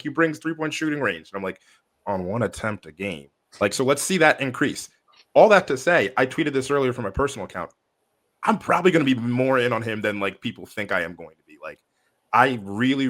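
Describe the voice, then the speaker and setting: Podcast co-host, male, deep voice, loose rambling delivery full of fillers. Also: a bit bright. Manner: rambling, lots of likes and ums. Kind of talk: casual sports podcast chat.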